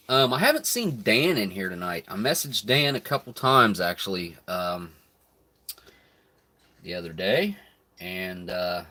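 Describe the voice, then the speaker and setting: A man's voice: low-pitched, sharp tone. Laid-back man on a live stream. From United States. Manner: laid-back, chuckles often, talks between bites. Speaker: live stream host reviewing rations. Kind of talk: casual live stream chat while eating.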